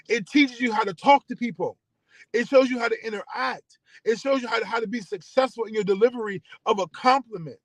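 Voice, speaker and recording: Radio host, male, higher voice, earnest repeated rallying lines, dry close sound. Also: a little fast, no echo, poor audio. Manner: earnest, preacher-like repetition. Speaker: internet radio station host. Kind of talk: passionate community address.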